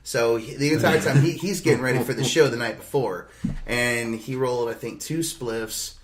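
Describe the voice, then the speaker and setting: A young man spins a loose, swearing anecdote in a relaxed, conversational way. He rambles and restarts, and he laughs through the story. His voice sits at an ordinary middle pitch. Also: moderate pace, background noise. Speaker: podcast host. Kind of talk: casual storytelling.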